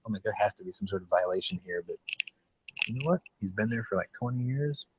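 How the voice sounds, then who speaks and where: A man hosting a casual podcast chat, relaxed, laughing often and swearing freely. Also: on the low side, fast, muffled recording, background noise. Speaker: podcast host.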